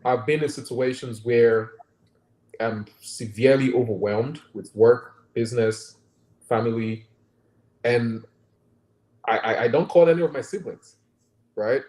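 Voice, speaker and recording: A Nigerian-accented guest doctor speaks slowly in a darkish, mid-range voice, leaving long pauses as he reflects earnestly. He often checks in with "right?" during the conversational interview, which is recorded with roomy echo.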